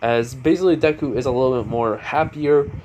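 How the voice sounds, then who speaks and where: A man's voice: medium pitch, fairly quick, darkish tone, slight background noise. A man casually retelling a fan story, rambling with lots of fillers and restarts.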